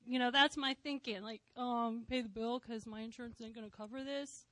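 A woman's voice: fairly high pitch, fairly even intonation, fairly quick, few pauses, fairly bright tone, dry recording. A woman in her thirties sharing a personal testimony in church, heartfelt and conversational with touches of light humor.

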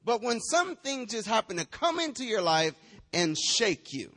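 A man's voice: sits high, sing-song, unhurried, fairly bright tone, long reverb tail. A man preaching a sermon in a church, firing rhetorical questions, teasing the congregation and slipping into a sing-song chant.

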